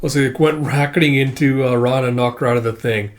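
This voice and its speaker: A man's voice: medium pitch, fast talker. A man casually retelling a comic book volume, introducing each line with "it's like". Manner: casual, uses "it's like" to introduce lines, animated. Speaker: comic recap host.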